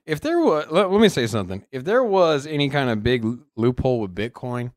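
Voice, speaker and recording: A man co-hosting a casual podcast, talking in an animated way with many halting restarts. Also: mid-range voice, dry recording. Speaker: podcast co-host.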